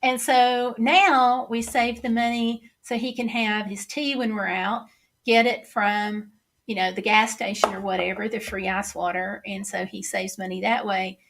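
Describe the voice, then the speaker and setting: A woman's voice: mid-range voice, steady tone, unhurried, fairly bright tone. A middle-aged woman with a Southern accent hosting a casual livestream, chatting and reading viewer comments aloud. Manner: chatty, reads comments aloud and answers them.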